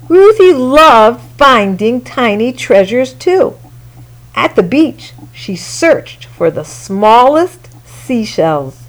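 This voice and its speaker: Woman, children's picture-book narration, expressive, slow delivery, higher voice. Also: poor audio. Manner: slow, expressive and sing-song. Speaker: storyteller.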